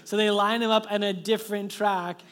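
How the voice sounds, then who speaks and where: Animated storytelling pastor, a man. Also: high voice, brisk. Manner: animated storytelling, dropping to soft hushed tones. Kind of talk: storytelling sermon.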